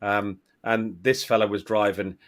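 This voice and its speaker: A man's voice: fairly low pitch, level tone, a little slow, a bit bright. Chatty man, stumbling over words. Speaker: podcast host. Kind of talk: casual fan chat.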